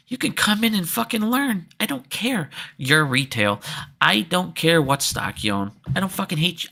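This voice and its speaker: A man's voice: a little high, gravelly, bright, forceful tone. A young man hosting a stock trading channel, talking in a profane, rambling, heated casual monologue to his viewers.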